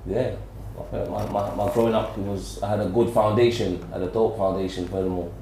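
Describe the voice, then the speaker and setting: Man, Birmingham and South London accent, low mellow voice, rambling casual talk, echoey room with faint hiss. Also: flat delivery, a little fast. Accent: Birmingham mixed with South London. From Birmingham, England. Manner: loose, rambling, full of "like" and restarts. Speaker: podcast guest. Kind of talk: casual interview chat.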